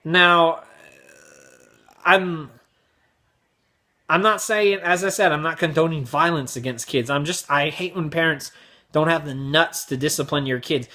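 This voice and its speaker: A man's voice: a little high, fairly even intonation, measured pace, long pauses, pushed and bright. A young man hosting his vlog, telling crude, exaggerated stories in a brash comedic rant. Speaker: vlog host.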